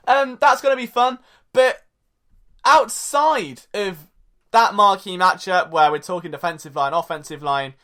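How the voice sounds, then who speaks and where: A man's voice: high voice, pushed and bright. A young man hosting a sports podcast, talking casually in a jokey, rambling way and interrupting himself. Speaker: podcast host.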